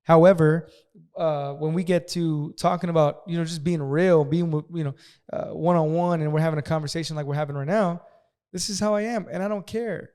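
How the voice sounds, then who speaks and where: A man with a slightly raised pitch, chatting on a podcast. He talks in a blunt, aggressive way and swears freely. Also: steady tone, brisk, a little mellow, clear, resonant tone. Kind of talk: casual podcast conversation.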